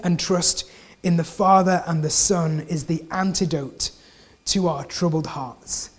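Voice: mid-range voice, a little slow. Preacher, conversational sermon delivery, repeats key lines, easy chatty asides. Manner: repeats key phrases for emphasis.

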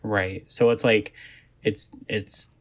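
A man co-hosting a casual book podcast, chiming in with short relaxed reactions and questions. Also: fairly low pitch, slow pace. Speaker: podcast co-host.

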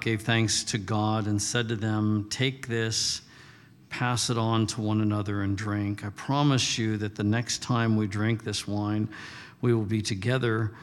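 Conversational male pastor preaching in a hall. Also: lowish voice. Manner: conversational, animated asides with playful voices. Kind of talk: sermon.

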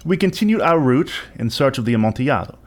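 A man narrates a classic story as a theatrical, interpretive reading. His voice sits in a middle pitch but ranges widely with expression. The delivery is deliberate and performed. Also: expressive. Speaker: reader.

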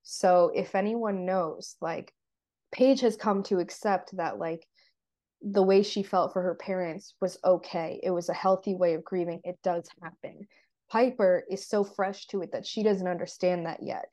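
A woman's voice: on the low side, steady tone, measured pace, warm tone. A woman co-hosting a podcast, chatting casually and retelling TV scenes in detail with lots of "like" fillers. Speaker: podcast co-host. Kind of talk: casual TV recap chat.

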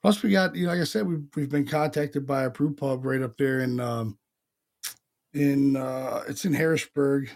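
A man co-hosting a podcast, telling stories in casual chat, animated, with slang and swearing. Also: medium pitch, moderate pace. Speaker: podcast co-host.

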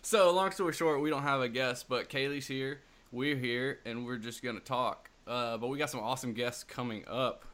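A man's voice: medium pitch, moderate pace, few pauses, a bit bright. Laughing man co-hosting a casual podcast. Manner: laughs often, reads listener emails aloud. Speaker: podcast co-host.

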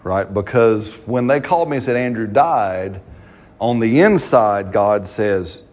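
A man's voice: lowish voice, lively intonation, a little slow, darkish tone. A man, preaching a sermon as pastor, talking to the congregation in a conversational way and often checking in with "right?".

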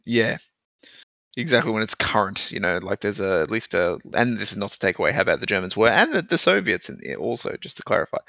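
Male co-host, very gravelly and bright, dry close sound, lo-fi. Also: on the low side, big pitch swings, fairly quick, dry recording. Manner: blunt, swears freely, joking. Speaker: podcast co-host. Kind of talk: casual chat.

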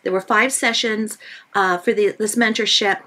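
A woman author who is a guest on a parenting podcast, telling lively stories and repeating points for emphasis. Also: medium pitch, normal speed. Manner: animated storytelling with emphatic repetition. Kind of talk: podcast interview.

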